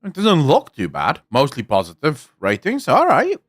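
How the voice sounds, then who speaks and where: A man's voice: a little high, huge pitch swings, normal speed. A South African man chatting casually on a live stream, rambling and swearing freely while he answers his chat. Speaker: game streamer.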